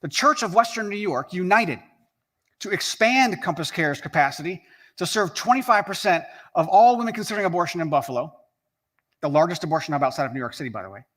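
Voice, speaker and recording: A man's voice: sits high, lively intonation, quick pace, a bit bright. A man giving a scripted rally speech, earnest and emphatic, building up repeated phrases. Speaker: rally speaker.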